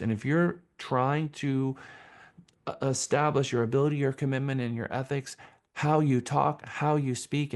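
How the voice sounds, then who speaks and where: A man's voice: mid-range voice, darkish tone. A man leading a live sales training session, talking in an enthusiastic, emphatic way and repeating phrases for stress.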